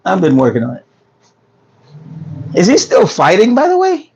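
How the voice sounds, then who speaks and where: Through a lo-fi phone recording, a New York man sits high in pitch with huge swings, a darkish, husky tone and a moderate pace. Hosting his food truck business livestream, he reads comments casually and jokes and laughs with viewers even as his voice fades.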